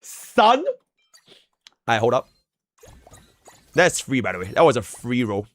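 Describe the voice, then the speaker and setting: A man's voice: medium pitch, animated, unhurried, a bit bright, dry recording. A young man with a Singaporean English accent doing casual, slangy, profane live commentary while playing a game and talking to his chat. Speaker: streamer.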